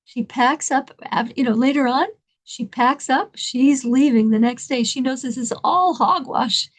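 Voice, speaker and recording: A woman telling an inspirational story in an animated, dramatic way, laughing between lines. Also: sits high, a little slow.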